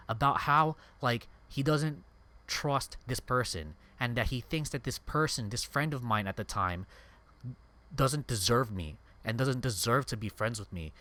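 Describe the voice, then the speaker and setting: A man's voice: mid-range voice, fairly bright tone. A young man streaming a game and venting angrily, swearing often in a casual rant. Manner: angry, profane venting.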